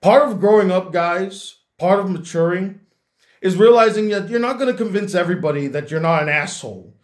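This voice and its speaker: A young man who reviews things on YouTube talks earnestly and reflectively to camera, repeating words as he gathers his thoughts. He sounds a little high-pitched, with a darkish tone. It's a heartfelt talk to his viewers.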